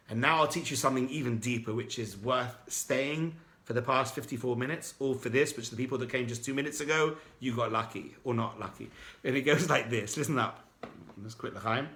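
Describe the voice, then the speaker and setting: A man, a rabbi, teaching a lively Torah class and acting out the people in his stories. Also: mid-range voice, normal speed. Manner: animated, dramatic storyteller who acts out quoted speakers.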